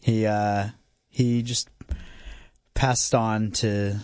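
A man's voice: fairly low pitch, little pitch movement, drawn-out words, darkish tone, smooth, dry recording, clean studio sound. A man being interviewed on radio about his band, chatty and rambling with lots of fillers and laughs. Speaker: band frontman guest.

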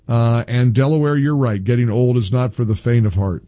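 A man's voice: mid-range voice, a little fast, mellow, no room sound. A middle-aged man hosting a call-in radio talk show, rambling and wry, his voice jumping up when he gets exasperated.

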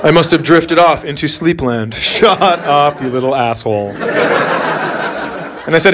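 A man's voice: fairly high pitch, fairly quick, crowd noise. A middle-aged man doing stand-up, telling a story about his son in a dry, sarcastic way. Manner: deadpan, sarcastic. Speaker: stand-up comedian.

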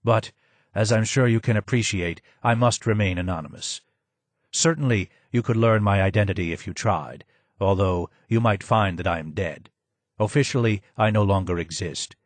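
Man reading hoarse, low-voiced old advisor, slow, sad, dry mic. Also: no echo, lightly acted. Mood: sorrowful. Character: broken old male former royal advisor, hoarse, sad.

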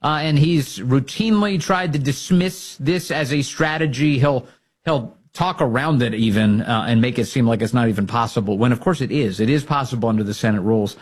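A man with a husky, slightly rough voice hosts a political commentary show. He talks emphatically, rallying his listeners and hammering points home by repeating them. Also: medium pitch, fairly quick. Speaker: political talk show host. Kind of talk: opinionated commentary.

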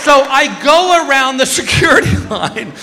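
A middle-aged man doing stand-up, telling a story in an exasperated, animated way. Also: extremely high pitch, normal speed, a crowd in the background. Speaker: stand-up comedian. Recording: hall reverb, faint noise.

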